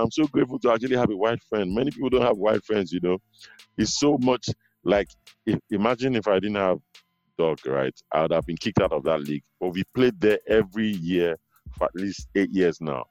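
A man hosting a casual podcast conversation, telling stories in an animated way with many asides. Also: on the low side, fairly quick, no echo. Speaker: podcast host.

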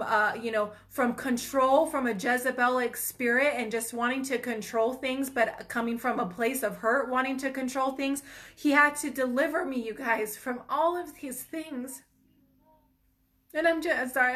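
Bright high-voiced woman sharing testimony. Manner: earnest, emotional, addresses viewers as you guys. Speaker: ministry host. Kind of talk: personal testimony and encouragement.

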